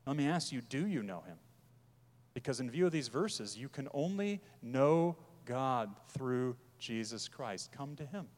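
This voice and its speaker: A man preaching a sermon as pastor, emphatic, pressing his points hard and then dropping his voice low. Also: animated, measured pace, a little mellow, big-room sound.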